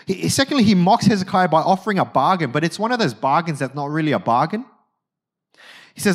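A male preacher giving a conversational, animated sermon and often checking in with his listeners. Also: on the high side, a little fast, vocal fry.

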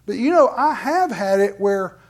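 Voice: mid-range voice, expressive, unhurried, darkish tone. Conversational preacher before a congregation. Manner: conversational, acts out Bible scenes in quoted voices; candid, addresses the crowd directly. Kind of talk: sermon.

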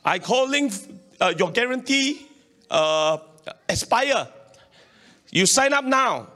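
A man's voice: very high voice, big pitch swings, slow, bright, forceful tone, big-room sound, exaggerated voice. A pastor putting on a pushy scam caller man. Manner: clipped, broken English. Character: pushy male phone scammer, broken English.

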